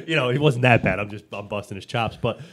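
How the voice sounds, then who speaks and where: A man co-hosting a casual business podcast, telling stories with animation, acting out quotes and restarting his sentences often. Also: fairly low pitch. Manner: animated storytelling, acts out quotes; frequent restarts and fillers. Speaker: podcast co-host.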